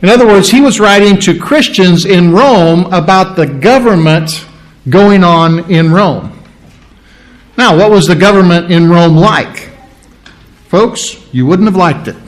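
A pastor teaching an expository sermon, explaining the meaning of each word and asking rhetorical questions, with fillers and throat clearing. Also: male voice, sits high.

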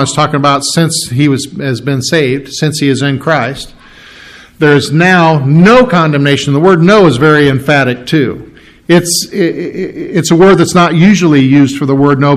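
A man delivers a sermon with an earnest, teaching manner, often circling back and restarting phrases as he explains. His voice sits a little higher than most men's. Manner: earnest, repeats and restarts words while explaining scripture. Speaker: pastor.

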